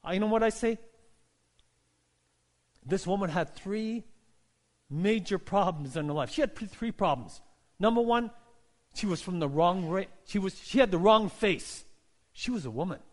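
A male pastor preaching a sermon, moving from hushed, quiet passages to loud, rising calls and asking the congregation questions. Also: high voice, lively intonation, moderate pace, long pauses. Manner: asks the congregation questions, repeats phrases.

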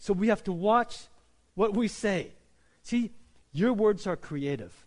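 A man's voice: high-pitched, lively intonation, a little slow, a little mellow. A man, a pastor, preaching a sermon in a conversational way, checking in with "right?" and restarting his phrases. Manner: conversational preaching, frequent "right?" and "you know" tags, repeated restarts.

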